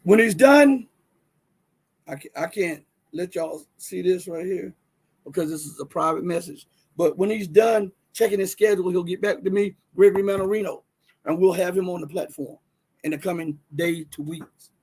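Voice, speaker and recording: A Southern man hosts a casual livestream, talking to his viewers as he reads from the screen. His voice sits high and sounds husky, and he pushes his points with plenty of restarts. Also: normal speed. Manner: animated, talks to viewers directly, many restarts and fillers. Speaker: livestream host.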